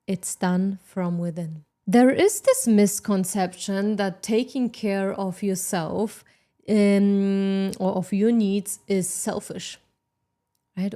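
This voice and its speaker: A woman's voice: mid-range voice, slow pace, dark tone. A woman hosting a self-help podcast, giving an emphatic motivational talk with sarcastic asides.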